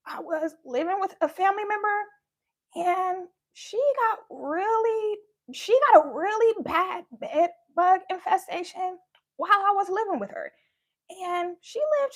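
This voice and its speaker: A young woman with a very high, fairly bright voice candidly tells a personal story during a live talk. She speaks conversationally and acts out what people said.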